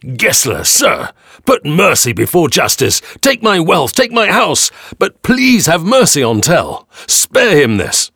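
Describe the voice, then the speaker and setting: An old man in an audio storybook begs for mercy, his voice pushed high and slow with desperation, as a male narrator puts him on. The sound is husky and close, with a dry finish. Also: huge pitch swings, sharp tone, no room sound, heavily acted. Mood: pleading. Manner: begging, emotional.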